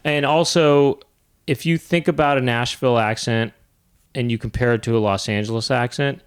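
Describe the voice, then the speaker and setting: A male comedian guest on a podcast talking in a deadpan, rambling, mock-serious way. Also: medium pitch, normal speed, clean tone. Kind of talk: casual podcast chat.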